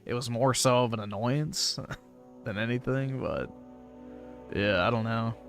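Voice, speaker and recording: A man co-hosting a casual gaming chat, calmly pushing back with matter-of-fact points. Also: mid-range voice, a little slow, soft background music. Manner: calm, matter-of-fact, correcting. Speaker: co-host.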